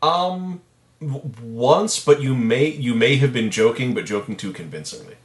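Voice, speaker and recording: Wry man with a lively voice, roomy echo. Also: mid-range voice, normal speed. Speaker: podcast co-host. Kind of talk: casual chat.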